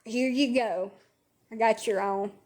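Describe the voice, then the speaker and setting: A woman's voice: fairly high pitch, measured pace, darkish tone. Blunt woman, sarcastic and crude. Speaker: social media livestreamer. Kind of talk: casual rambling livestream talk. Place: in bed at home.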